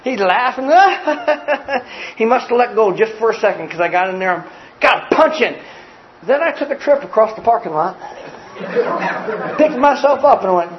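A man preaching a sermon, telling a story in an animated, folksy way and acting out the scenes for a live congregation. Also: very high voice, moderate pace, highs cut off, slight background noise. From grew up poor in a small family.

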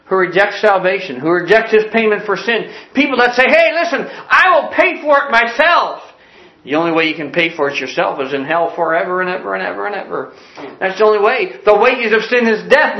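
Male preacher, high voice, impassioned sermon, moving from hushed lows to soaring cries, dull roomy recording.

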